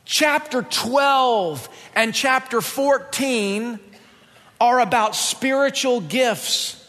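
A man preaching a sermon in a conversational, animated way, full of rhetorical questions to his listeners. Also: very high-pitched, extremely slow, big-room sound. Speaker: pastor.

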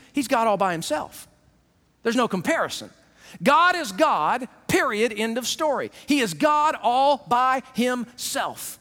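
A man preaching a sermon, animated and acting out the people he quotes. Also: very high voice, in a large hall. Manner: animated, acts out quoted voices.

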